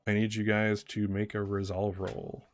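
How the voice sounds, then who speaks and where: A man narrating as game master of a tabletop role-playing game, talking in halting bursts with many fillers and restarts. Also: on the low side, completely flat delivery, slight background noise.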